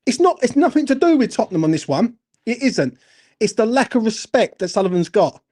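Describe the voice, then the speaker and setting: Angry fan-channel host, high voice, swears nonstop, ranting. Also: male voice, sing-song, fairly quick, a little mellow. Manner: angry, sweary, repeats "do you know what I'm saying". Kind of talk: heated football fan rant.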